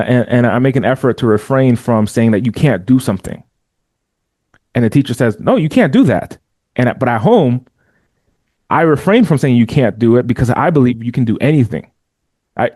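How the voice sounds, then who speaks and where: A man talking as a podcast guest in an emphatic, conversational way, often doubling his words as he drives a point home. His voice is warm and mellow, and it sits dry and close with no room sound around it. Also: medium pitch, no echo. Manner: emphatic, repeats words while building a point. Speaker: podcast guest, entrepreneur and father.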